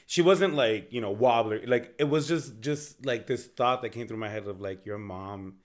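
A man's voice: medium pitch, moderate pace. A man in his thirties co-hosting a podcast, telling stories in a casual, profane, jokey way. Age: 30s. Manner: animated storytelling, profane, jokey. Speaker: podcast co-host. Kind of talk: casual chat.

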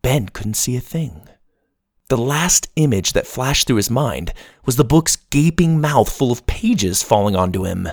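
A man narrating a children's adventure story aloud, expressive and reading aloud. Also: mid-range voice, unhurried, no room sound.

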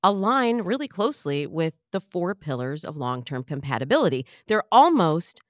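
A middle-aged woman, a dating coach, hosting her podcast in a bubbly, playful, animated way. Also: lowish voice, moderate pace, dry recording, clean studio sound. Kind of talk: podcast monologue.

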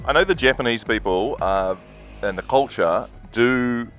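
A man's voice: mid-range voice, measured pace, a bit bright, soft background music. A man co-hosting a morning radio show, offering matter-of-fact opinions. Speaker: radio co-host. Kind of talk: casual breakfast show chat.

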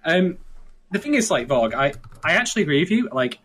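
A man hosting a casual podcast, talking in a measured, hedging way with many fillers. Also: fairly high pitch, sing-song, fairly bright tone, a little hiss or hum. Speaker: podcast host summarizing the episode.

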